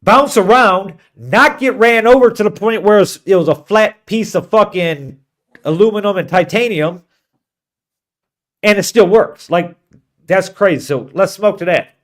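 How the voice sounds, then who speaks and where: A man's voice: high-pitched, a little slow, a bit bright. A man on a podcast telling a long, profane road-trip story in casual chat. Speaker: podcast co-host.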